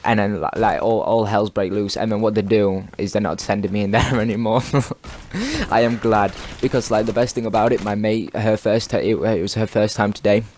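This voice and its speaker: A man's voice: on the low side, fairly even intonation, a little fast, hardly any pauses, a little mellow, a little hiss or hum. Rambling, swearing teenage boy. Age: teens. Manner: rambling, swears constantly, lots of restarts. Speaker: gaming video commentator. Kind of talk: casual rambling storytelling over gameplay.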